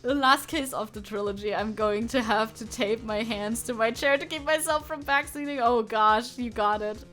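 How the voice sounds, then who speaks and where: A woman streaming a video game, chatting casually and thinking aloud with quick self-corrections. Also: on the high side, a bit bright, faint music behind.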